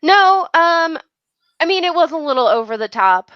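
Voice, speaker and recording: A woman's voice: high-pitched, sing-song, moderate pace, dry recording, lo-fi sound. A woman co-hosting a casual podcast chat, talking in an easygoing way and laughing often. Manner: giggly, easygoing. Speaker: podcast co-host.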